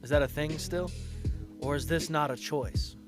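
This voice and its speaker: A man's voice: fairly high pitch, moderate pace, music in the background. A man giving blunt, scornful reaction commentary with crude language.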